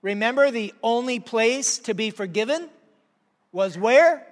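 A man with a high, light voice delivers a sermon, teaching with animated rhetorical questions and emphatic points. His voice rings out with a long hall echo behind it. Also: a little slow. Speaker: preacher.

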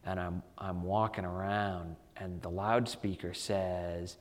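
A man's voice: low-pitched, a little slow, hardly any pauses. Storytelling male author, reverberant hall. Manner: animated anecdotes, frequent "you know" fillers. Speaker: author guest. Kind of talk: conversational storytelling.

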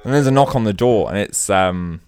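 A man telling an improvised comedy story in an animated way, jumping between characters and laughing often. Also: fairly low pitch, a little fast, smooth, no echo.

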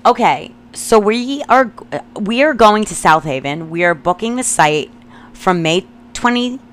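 A woman's voice: mid-range voice, lively intonation, unhurried. A woman in her thirties from Long Island, a podcast host reading old notes aloud and adding profane, giggly asides. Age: 30s.

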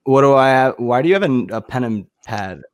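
A man co-hosting a casual podcast, hesitant and halting, full of restarts. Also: mid-range voice, animated, dry recording, clean studio sound. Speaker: podcast co-host. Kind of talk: casual chat.

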